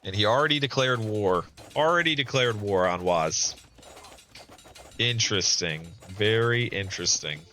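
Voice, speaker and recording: Male streamer, bright tone, amused casual commentary with frequent chuckles. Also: lowish voice, a little slow, a little hiss or hum. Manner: amused, chuckles often, reads out chat.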